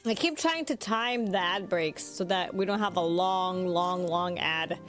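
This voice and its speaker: A woman's voice: fairly low pitch, measured pace. A woman streaming a video game live, chatting casually and rambling to herself as she plays. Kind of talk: casual live-stream chat while gaming. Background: game music.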